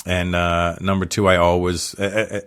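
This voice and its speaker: A middle-aged comedian from Canada, telling profane stories in a casual chat and acting out what people said. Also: male voice, low-pitched, level tone, a bit bright, smooth. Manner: fast, profane storytelling with acted-out quotes. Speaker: comedian guest.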